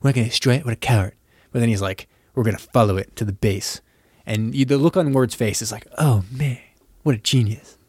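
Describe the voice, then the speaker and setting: A man in mid pitch recaps a film plot on a casual podcast. He keeps breaking into quick impressions of the characters. His voice is recorded dry and close, with no room around it. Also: slightly rough, no echo. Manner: animated retelling, acting out characters' lines. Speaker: podcast co-host. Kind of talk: casual movie recap chat.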